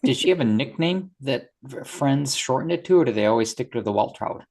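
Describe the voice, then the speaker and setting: A man's voice: mid-range voice, animated, brisk, darkish tone. A man co-hosting an interview, adding offhand, joking remarks. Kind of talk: casual interview chat.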